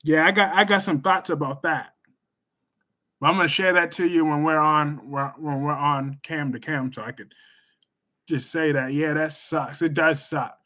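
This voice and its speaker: A man hosts a live stream, chatting with viewers in an animated way. His voice sits high and bright. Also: moderate pace. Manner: chatty, animated, scolds chatters loudly then gushes warmly. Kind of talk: casual live stream chat, reading viewer comments.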